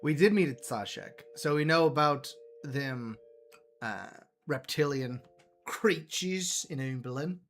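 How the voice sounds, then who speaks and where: A man's voice: a little high, lively intonation, slow pace, a bit bright. A man hosting a solo livestream about a fantasy world's lore, rambling and self-deprecating as he talks to himself, with music playing behind him. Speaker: livestream host. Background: background music.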